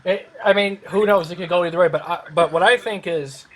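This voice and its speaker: A man with a high voice hosts a relaxed panel discussion. He thinks out loud and softens his points with repeated fillers. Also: brisk, low-quality recording. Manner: rambling, hedging with fillers. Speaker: host. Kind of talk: casual online panel chat.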